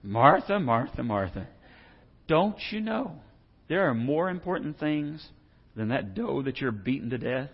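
A man voicing a calm, gentle male teacher who corrects kindly and softly. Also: medium pitch, unhurried, gravelly, husky, exaggerated voice. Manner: soft, gentle. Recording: dull reverberant hall sound.

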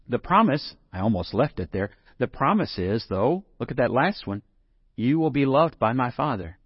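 A man's voice: mid-range voice, very animated, normal speed, husky, no room sound, muffled recording. A man preaching a sermon in a conversational way, rising to emphatic scripture reading. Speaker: pastor.

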